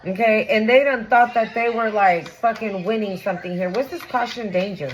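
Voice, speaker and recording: A woman's voice: a little high, moderate pace. A woman giving a casual tarot reading to camera, blunt and profane, talking straight to the viewer and often asking "right?". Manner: animated, often exclaims and asks "right?". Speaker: tarot reader.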